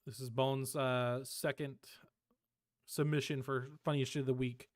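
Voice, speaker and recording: A man's voice: medium pitch, little pitch movement, measured pace, no echo. A young man co-hosting a casual podcast, laid-back and laughing often as he plays clips. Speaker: podcast co-host.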